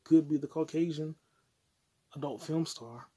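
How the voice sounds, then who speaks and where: A man's voice: a little high, unhurried, warm tone, slightly rough. Crude, rambling man hosting a solo podcast. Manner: crude, profane, jumps between topics, puts on mock voices. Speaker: podcast host.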